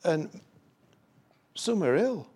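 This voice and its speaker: Male preacher, husky tone, rambling sermon with emphatic bursts. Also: high-pitched, very animated, drawn-out words, mellow. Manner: rambling, folksy asides, emphatic rising bursts.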